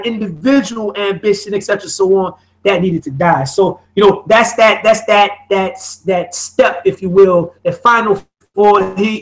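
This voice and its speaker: A man's voice: high voice, a bit bright, poor audio. A man leading a study group on internet radio, explaining by restating phrases and often asking "okay?".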